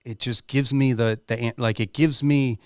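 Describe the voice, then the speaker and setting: This middle-aged podcast guest tells an earnest, emotional personal story with candour, swearing freely throughout. His mid-range voice is a little mellow and clean in tone, with fairly even intonation at a normal speed. The studio sound is clean, with no room sound.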